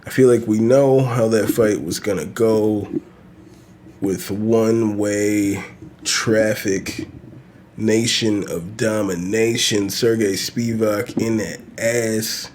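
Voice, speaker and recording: Low-voiced man rambling on his podcast. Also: fairly even intonation, takes it slowly, darkish tone, slight background noise. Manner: loose, profane, rambling with laughs. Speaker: podcast host. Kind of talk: casual solo podcast rant.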